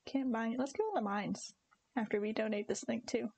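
A woman's voice: fairly high pitch, moderate pace, gravelly, a little mellow, no echo. A young woman streaming a farming game, chatting casually and giggly with her viewers and her cats. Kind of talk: casual live-stream chat.

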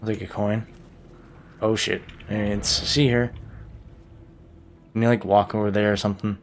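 A man's voice: lowish voice, little pitch movement, moderate pace, a little hiss or hum. A man giving joking, profane gameplay commentary, talking to himself as he plays. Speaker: gaming YouTuber.

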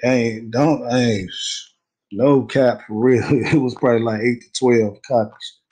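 A man's voice: mid-range voice, fairly even intonation, unhurried, a little mellow, rough recording. A young man telling a story in a casual interview, slangy and rambling, laughing easily. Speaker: guest telling his story.

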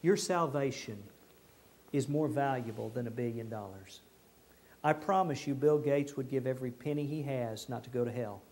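A man preaching a folksy, animated sermon in a church, acting out the people he quotes. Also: mid-range voice, normal speed, a little hiss or hum.

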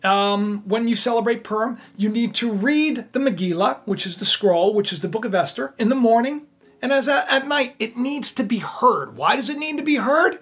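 A man giving an informal Bible teaching, retelling the story with animated, casual storytelling. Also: extremely high pitch, moderate pace, slightly rough.

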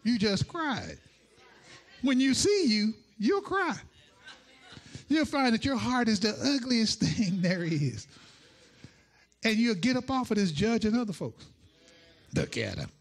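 A male pastor delivering a sermon, playful and animated, acting out quotes as he teaches. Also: very high-pitched, a little slow, pauses often.

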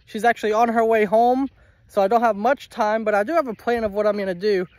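Guy out in a pasture sweet-talking his cows, fairly high voice. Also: steady tone, fast talker, no room sound. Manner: coaxing, affectionate chatter to animals. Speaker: homesteader vlogger. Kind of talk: casual vlog talk. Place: outdoor pasture.

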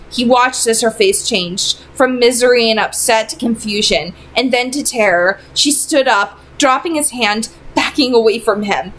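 A woman reading a novel aloud in measured narration that slows on emotional passages. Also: fairly high pitch, fairly bright tone, slight background noise, poor audio.

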